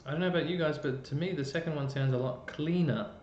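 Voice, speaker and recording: Chatty Australian man explaining music. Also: fast talker. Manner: chatty, explains with fillers and restarts. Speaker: music presenter. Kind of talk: casual live-stream explainer. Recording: roomy dull live-stream audio with faint rumble.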